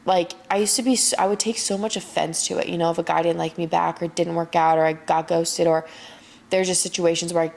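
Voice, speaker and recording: A woman's voice: on the low side, fairly even intonation, fairly quick, vocal fry, a little mellow. A young woman hosting her own podcast, chatting casually and encouragingly about faith, tired late at night and leaning on "like" a lot. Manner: faith-driven motivational talk, heavy use of "like". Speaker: podcast host. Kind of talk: casual solo podcast chat.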